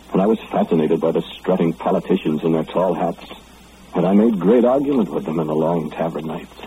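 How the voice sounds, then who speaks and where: An actor playing a remorseful young lawmaker who narrates his lovesick memories in a measured, solemn old radio drama. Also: sits low, dark tone, natural voice. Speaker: narrator and lead character. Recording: phone-like old radio recording, faint hiss.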